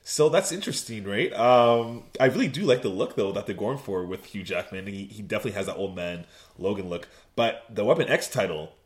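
A man with a somewhat low voice co-hosts a casual podcast chat. He is agreeable and easygoing, often chiming in to back up his partner before adding his own take. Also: expressive, a little fast. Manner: agreeable, frequent "yeah" and "right". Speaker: podcast co-host.

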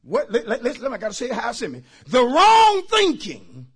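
A man preaching a sermon as pastor, swinging between shouted lines and near-whispers. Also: very high-pitched, big pitch swings, rapid-fire, slightly rough.

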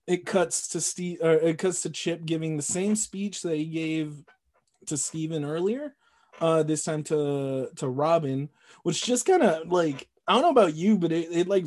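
A man's voice: a little high, a little slow. A man co-hosting a podcast, casually recapping a film's plot with fillers and laughter. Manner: animated, laughing, recounting plot with filler words. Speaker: podcast co-host. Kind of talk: casual movie recap chat.

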